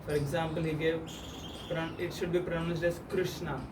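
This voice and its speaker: Male audience questioner, halting and polite; distant, hissy pickup. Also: on the high side, level tone. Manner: halting, politely addressing the teacher. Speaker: devotee asking a question. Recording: distant mic, clear hiss.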